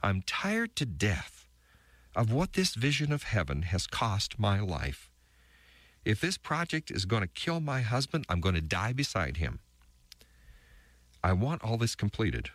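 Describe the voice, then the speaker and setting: A man voicing the weary, bitter wife of an ark builder, reading her diary entries with halting, stammered restarts. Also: fairly low pitch, big pitch swings, a bit bright, dry recording, full character voice. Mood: exhausted.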